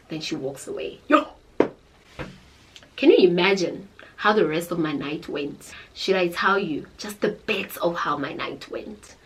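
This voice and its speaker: A young woman with a South African accent, telling a storytime tale in a dramatic, animated way. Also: on the low side, unhurried, a little hiss or hum, rough recording. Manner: animated, dramatic, code-switching into Zulu. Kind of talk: casual storytime chat.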